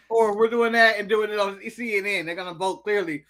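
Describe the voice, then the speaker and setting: A man from the United States with a high, bright voice co-hosts a casual live stream. He rants with animated energy, munching food between points. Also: moderate pace. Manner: animated ranting, snacking while talking. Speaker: co-host.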